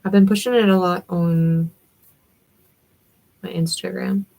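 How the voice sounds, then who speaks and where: Poor audio carries the fairly low, warm voice of a young Southern-accented woman with vocal fry. Unhurried and fairly even in intonation, she hosts a livestream, chatting in a meandering way and replying to viewer comments.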